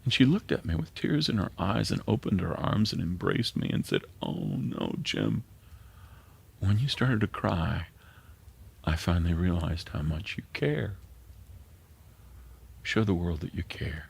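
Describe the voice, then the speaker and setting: A man's voice: deep voice, moderate pace, gravelly, slightly rough. A middle-aged man, a pastor preaching an earnest sermon that sometimes drops to a near whisper.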